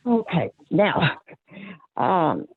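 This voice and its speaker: A woman's voice: lowish voice, very animated, extremely slow, slightly rough, no room sound. A woman, a county clerk giving plain-spoken, earnest remarks at a public board meeting, with frequent fillers and restarts. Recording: tinny phone-line audio, dry.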